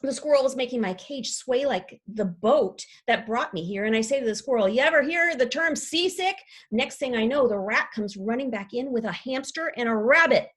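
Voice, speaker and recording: A woman's voice: moderate pace, hardly any pauses. A woman reading aloud as a chatty, dramatic classroom pet parrot who makes up rhymes. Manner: lively storytelling with playful rhymes and pitch leaps. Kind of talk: children's book read aloud.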